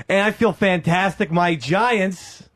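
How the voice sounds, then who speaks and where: A man's voice: sits high, takes it slowly, fairly bright tone, no echo, clean studio sound. A man and radio show regular, cocky and playful in casual on-air banter. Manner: cocky, playful, laughs often.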